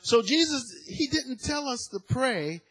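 Husky, animated male preacher. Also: very high voice, unhurried. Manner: animated, rising to shouts of praise, acts out quoted voices. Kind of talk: sermon.

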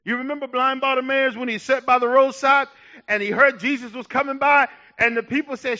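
A male pastor with a very high, bright voice preaches with passion. He swings from hushed asides to loud, fervent shouts, and the recording sounds dull and lo-fi. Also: fairly quick. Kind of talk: sermon.

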